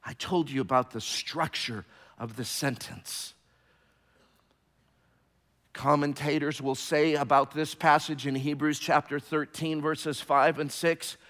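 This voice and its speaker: A man preaching a sermon, emphatic and repetitive, swinging from hushed tones to shouting. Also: medium pitch. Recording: long hall reverb.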